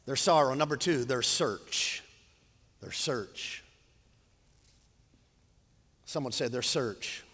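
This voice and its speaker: A man in his fifties preaching a sermon, animated, moving between quiet storytelling and loud preaching. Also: mid-range voice, slow pace, pauses often, husky, long reverb tail. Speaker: pastor.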